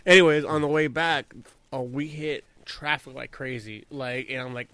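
A man's voice: medium pitch, fairly even intonation, normal speed, a bit bright. A young man from California telling a profane, laughing anecdote in a casual chat.

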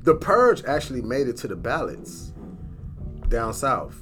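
A man in casual chat, talking in an animated, profane way and mimicking voices when he quotes people. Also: medium pitch, moderate pace, music in the background.

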